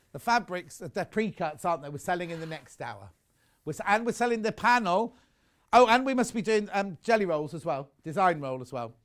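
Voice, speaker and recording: Live on a shopping channel, a British man with a high, somewhat bright voice sells sewing goods. He's chatty and rambling, reading out messages from viewers.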